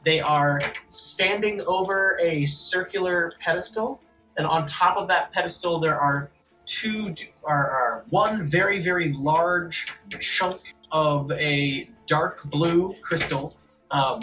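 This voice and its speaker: A game master narrating a tabletop game, quick and rambling with lots of fillers. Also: medium pitch, bright, forceful tone, soft background music, rough recording.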